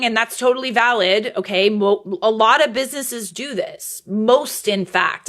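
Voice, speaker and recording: A woman's voice: mid-range voice, fairly bright tone. Candid chatty woman over faint music. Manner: candid and chatty, quick to laugh. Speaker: commentary host. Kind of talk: casual reaction commentary.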